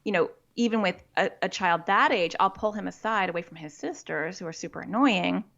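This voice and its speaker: A woman's voice: fairly low pitch, a little fast, gravelly, fairly bright tone, muffled recording. A woman who works as a child therapist, speaking as a podcast interview guest. She explains practical ideas and often acts out what a parent or child might say.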